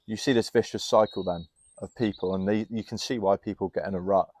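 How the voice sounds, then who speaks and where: A young man, a fitness coach guest, chatting casually outdoors in a garden on a podcast and telling candid, animated stories. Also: fairly low pitch, a little fast. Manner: candid, animated storyteller who laughs easily.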